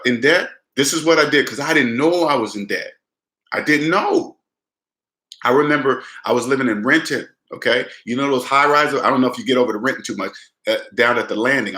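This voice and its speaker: Young man, conversational finance talk, repeats himself; bright tone, roomy echo. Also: medium pitch. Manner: conversational, repeats phrases, addresses listener as man. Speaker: personal finance vlogger. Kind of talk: casual talk to camera.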